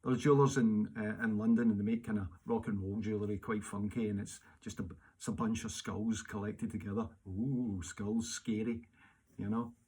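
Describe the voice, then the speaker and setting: A man's voice: lowish voice, level tone, brisk, darkish tone, husky. A middle-aged man with a Glaswegian accent, chatting casually as he answers fan questions at home, rambling with many fillers and restarts. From Scotland. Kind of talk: casual solo Q&A video. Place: home during lockdown.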